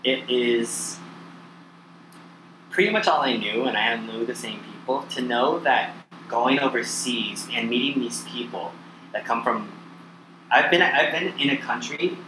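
An American man talks as a podcast guest, rambling loosely and often restarting his thoughts. His voice sits at an ordinary middle pitch. The room around him rings, and clear noise runs underneath. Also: roomy sound. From United States. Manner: relaxed, rambling, self-interrupting storyteller. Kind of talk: casual chat.

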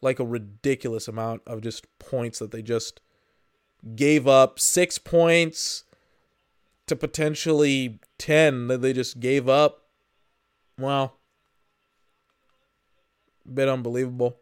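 A man's voice: medium pitch, fairly even intonation, slow, pauses often, clear, resonant tone. A man giving rambling, exasperated commentary while he watches a football game for his podcast, swearing now and then. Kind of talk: live watch-along commentary.

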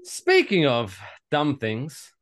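A man's voice: on the high side, wildly swooping pitch, takes it slowly, a bit bright. A man co-hosting a casual comedy podcast, swearing freely and ranting in mock outrage. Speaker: podcast co-host.

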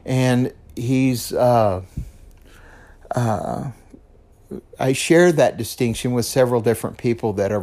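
A man's voice: on the low side, darkish tone. Earnest man telling a personal story. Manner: earnest, repeats himself, checks in with "okay?". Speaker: podcast host. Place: lives in West Texas.

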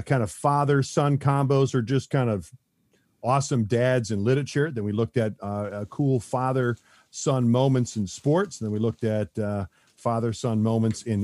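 A man's voice: mid-range voice, darkish tone, no room sound. A man chatting as a podcast guest, rambling with lots of fillers and restarts and chuckling often. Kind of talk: casual podcast chat.

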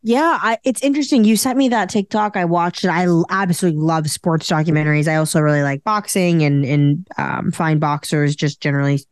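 Smooth low-voiced chatty woman. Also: a little fast, hardly any pauses, dry recording, clean studio sound. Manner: rambling, chatty, many fillers. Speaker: podcast co-host. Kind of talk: casual chat.

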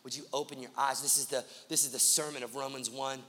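A man's voice: mid-range voice, level tone, quick pace, bright, forceful tone, big-room sound. A man pastor preaching a sermon, driving his points home with rhythmic repeated lists.

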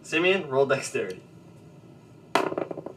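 A man narrating as game master of a tabletop role-playing game, relaxed and hesitant, with fillers and chuckles. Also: medium pitch, a little slow. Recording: distant mic with faint background noise.

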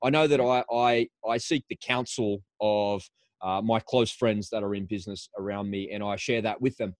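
A man's voice: on the low side, fairly even intonation, moderate pace, dry recording. A man hosting an interview in a studio, telling stories with enthusiasm and often repeating words as he gathers his thoughts. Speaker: podcast host. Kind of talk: casual conversational interview.

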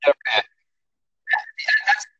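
Speaking slowly in a bright, forceful tone, this young Australian podcast guest chats casually and jokes around, frequently tripping over and restarting his sentences. The audio is dry, dull and lo-fi.

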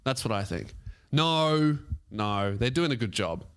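A man's voice: mid-range voice, expressive, unhurried. A man with an Australian accent, a podcast host telling a comic story as a profane, mock-outraged rant.

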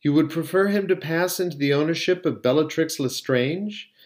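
A man voicing an old wizard headmaster who speaks in a measured, formal and courteous way. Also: a little high, voice pushed up, lightly acted. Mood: calm.

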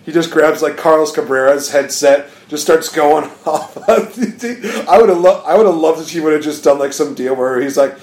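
Animated man in an echoey room. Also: on the high side, moderate pace, few pauses. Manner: animated, laughing, acts out quotes. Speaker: podcast co-host. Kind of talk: casual wrestling recap chat.

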